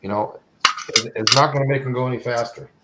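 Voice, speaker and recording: A man's voice: medium pitch, steady tone, fast, very noisy. An American man in casual chat, rambling and repeating his words. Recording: loud kitchen clatter behind.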